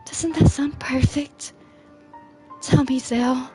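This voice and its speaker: A woman's voice: sits high, fairly even intonation, slow pace, a little mellow, faint music behind, voice pushed up. A woman voicing an obsessive lovestruck schoolgirl from a game, reading the lines fervently and pleadingly. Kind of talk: reading game dialogue aloud.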